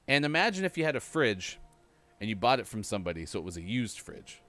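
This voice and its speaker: A man's voice: mid-range voice, sing-song, fast, sharp tone, faint music behind. A man hosting a casual morning show, chatty and laughing at his own jokes. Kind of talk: casual live-stream chat.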